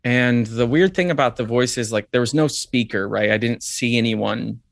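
Man calmly recounting a personal experience. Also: medium pitch, moderate pace, gravelly, dry recording. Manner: reflective, lots of "like" and "um". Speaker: guest. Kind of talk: telling a personal story.

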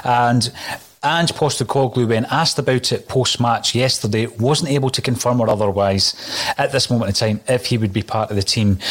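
Man hosting a football podcast. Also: mid-range voice. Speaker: podcast host. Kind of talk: casual football podcast chat.

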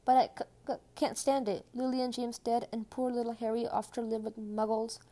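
A woman voicing a huge, soft-hearted half-giant man who stammers through tears. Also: mid-range voice, steady tone, a little fast, natural voice. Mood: sobbing. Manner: tearful, stammering.

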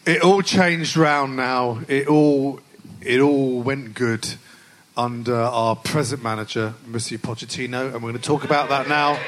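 A man's voice: mid-range voice, fairly even intonation, moderate pace, a bit bright, slight background noise, rough recording. A male podcast host interviewing a guest at a live club show, chatty, jokey and enthusiastic as a fan. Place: live stage event at a club.

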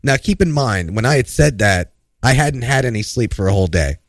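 A man's voice: medium pitch, lively intonation, a little fast, dry recording. A man, an improv comedian, telling a rambling story in casual chat on a talk show.

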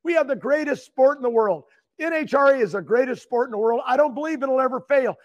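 A man's voice: extremely high pitch, quick pace, dull audio. An older man telling a long, emotional story as a guest, rambling and repeating words as he gets worked up. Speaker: guest, retired champion racer.

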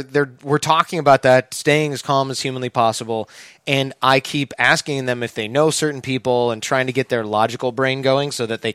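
A man's voice: medium pitch, fairly bright tone, clear, resonant tone, no room sound. A man from Michigan telling a story in a casual podcast chat, acting out the voices of the people he quotes.

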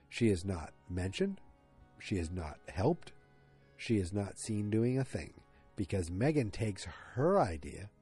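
Male podcast host, lower register, rambling and conversational, casual recap delivery. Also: mellow, slightly rough. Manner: chatty, digressive, self-aware. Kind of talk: casual chat.

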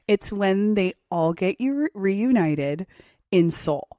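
A woman's voice: medium pitch, slow pace, dry recording, studio quality. Gushing woman in casual podcast chat. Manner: excited, gushing, acts out quotes. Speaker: podcast host.

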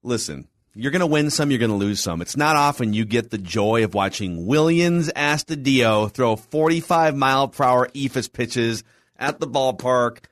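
A man's voice: mid-range voice, animated, normal speed, fairly bright tone, no room sound, clean studio sound. A man co-hosting a sports talk show, bantering in an easygoing, playful way. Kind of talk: casual sports radio banter.

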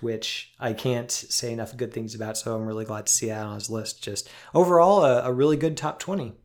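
Thoughtful male podcast co-host. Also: medium pitch. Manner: thoughtful, self-deprecating. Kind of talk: casual film discussion.

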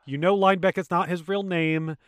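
A man co-hosting a casual podcast about a video game, retelling scenes with a laugh and quick voiced asides. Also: sits high, no room sound. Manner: laughing, animated retelling with put-on character voices. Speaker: podcast co-host.

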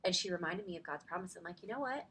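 A woman's voice: on the low side, lively intonation, fast, sharp tone, slight background noise. A woman in her thirties telling a personal story in a faith podcast conversation, chatty and full of "like", close to tears at times. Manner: chatty, fills speech with "like". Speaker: podcast guest.

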